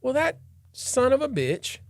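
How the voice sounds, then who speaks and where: A man hosting a podcast, a trial lawyer telling a story in an animated, dramatic way and acting out the scenes. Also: very high voice, unhurried, background noise. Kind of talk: casual storytelling chat.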